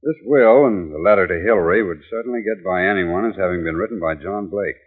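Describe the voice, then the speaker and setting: 1940s radio drama: a plain-spoken police sergeant, low husky voice through phone-thin broadcast. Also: male voice, fairly quick. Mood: businesslike. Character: matter-of-fact male police sergeant. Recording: tinny old radio broadcast.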